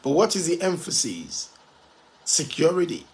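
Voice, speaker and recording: A man's voice: a little high, wildly swooping pitch, moderate pace, gravelly. A man giving a motivational talk to an audience, speaking emphatically and repeating key phrases for stress, at times spelling out words letter by letter.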